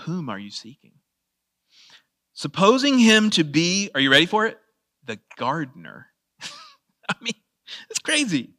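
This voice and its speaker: A man's voice: a little high, bright, forceful tone. A man preaching a conversational sermon, asking the audience questions and laughing at his own asides. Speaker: pastor.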